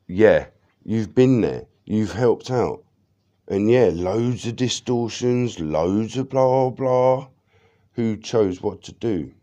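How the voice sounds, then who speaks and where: Low, slow rambling man. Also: expressive, dark tone, muffled recording. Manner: rambling, heavy swearing, many fillers. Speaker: vlogger. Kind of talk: rambling personal monologue.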